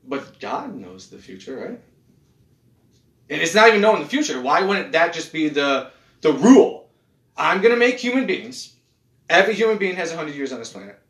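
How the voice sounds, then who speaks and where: Lively, swearing man in an echoey room. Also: a little high, moderate pace, pauses often. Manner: animated, swearing, restarts a lot. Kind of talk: casual chat.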